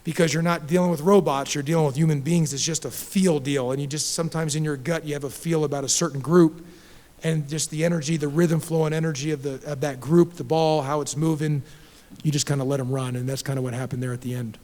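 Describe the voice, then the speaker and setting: A middle-aged man, a basketball head coach, answering questions at a post-game press conference in a direct, animated way, with many restarts and repeated words. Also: fairly high pitch, quick pace, in a large hall.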